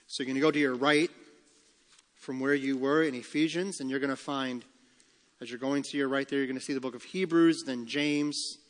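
A pastor preaching a sermon, who slows down and lifts his voice on the key phrases. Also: mid-range voice, steady tone. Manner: emphatic preaching, slowing and rising on key phrases. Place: church sanctuary. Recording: long church hall reverb.

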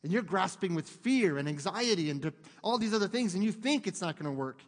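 A man preaching a sermon in an animated way, joking with the congregation and acting out voices. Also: sits high, fairly quick. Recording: long hall reverb.

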